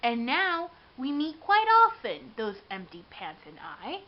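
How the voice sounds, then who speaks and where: High-voiced woman reading a children's story. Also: measured pace. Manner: expressive, dramatic storytelling voice. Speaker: storybook reader. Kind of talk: children's read-aloud. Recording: dull lo-fi with faint hiss.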